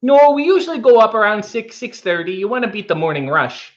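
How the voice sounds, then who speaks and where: A man's voice: sits high, very animated, a little fast, dull audio, voice pushed up. A man doing a friendly, chatty Minnesotan man with a Minnesota accent, singsong and hospitable. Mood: folksy cheerful.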